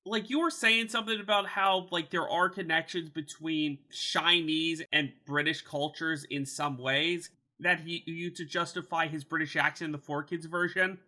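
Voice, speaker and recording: A man hosting a casual podcast chat, animated, incredulous and swearing freely. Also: fairly high pitch, normal speed, few pauses. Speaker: podcast host.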